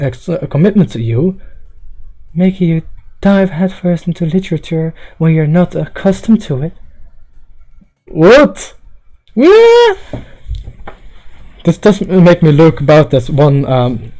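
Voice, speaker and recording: A man's voice: fairly high pitch, dark tone. A young man casually commenting on a visual novel on a livestream, reading the game text aloud, rambling and joking with some stammering. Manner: rambling, joking, stammering, mock-Russian asides.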